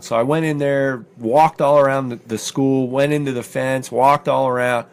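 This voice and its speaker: A middle-aged man with a mid-range voice tells a story in relaxed studio chat. He keeps it conversational and animated. His quoted remarks jump up in pitch. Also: normal speed, few pauses, smooth. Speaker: podcast co-host.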